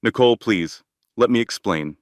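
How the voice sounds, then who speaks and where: A man's voice: fairly low pitch, lively intonation, normal speed, no echo, natural voice. Narrator doing a shaken, pleading rich man. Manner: pleading, unsteady.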